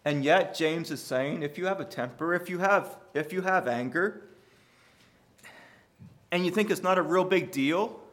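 Somewhat slow and pausing often, a male pastor gives an earnest sermon in a voice a little higher than most men's. He hammers points with repeated phrases, surging to forceful emphasis and then falling to a near murmur.

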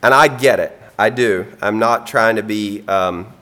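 A man delivers a sermon in a slightly low voice. He speaks earnestly and plainly, pausing often on ums and now and then clearing his throat. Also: pushed and bright. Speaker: preacher.

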